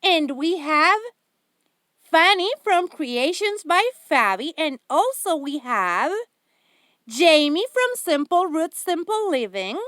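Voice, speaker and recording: High-voiced gushing craft vlogger woman. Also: very animated, slow, fairly bright tone, no echo, studio quality. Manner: gushing, enthusiastic, giggly. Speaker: craft channel host. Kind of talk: casual haul vlog.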